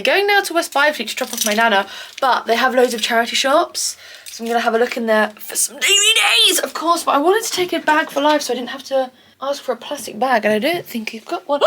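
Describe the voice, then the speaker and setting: A woman's voice: high-pitched, fairly bright tone, slight background noise. A young woman, chatting casually to camera in a rambling, self-mocking vlog with dramatic outbursts. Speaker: vlogger.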